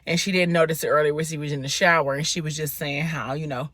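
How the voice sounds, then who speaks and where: A woman vlogger is eating in her car while casually retelling a book's plot, chatting with plenty of fillers. Her voice is low-pitched and a bit bright, with a steady tone and quick pace. The sound is clean, studio-like, and has no echo, recorded on a phone.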